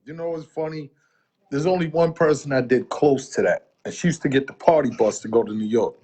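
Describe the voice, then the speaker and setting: In a relaxed video-call interview, a middle-aged Boston-area man who promotes music rambles through animated stories and imitates what people said. His mid-range voice is brisk and slightly rough.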